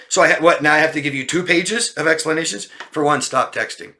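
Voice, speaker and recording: Man, relationship coach, animated, bright tone, casual q and a talk. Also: fairly high pitch, quick pace. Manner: animated, mimics people in exasperated voices. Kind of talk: casual talk answering viewer questions.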